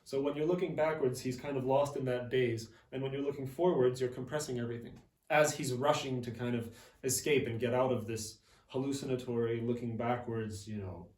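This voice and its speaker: A man's voice: medium pitch, steady tone, brisk, a little mellow, echoey room, recorded from a distance, low-quality recording. A man who plays piano, explaining a song in a casual, enthusiastic way. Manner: enthusiastic, casual asides, reads German lines aloud. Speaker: Lied pianist. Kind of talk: explaining music analysis.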